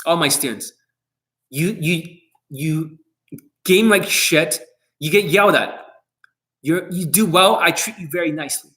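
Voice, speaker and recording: A man's voice: fairly high pitch, a little slow, pauses often, sharp tone. A man who coaches dating, talking to camera in a blunt, boastful monologue full of swearing.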